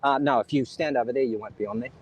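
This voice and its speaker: A man's voice: mid-range voice, rapid-fire, low-quality recording. An Australian man hosting an outdoor live stream on a beach, talking straight to his viewers and sharing firm opinions in casual commentary. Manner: opinionated, talks straight to viewers and reads out chat.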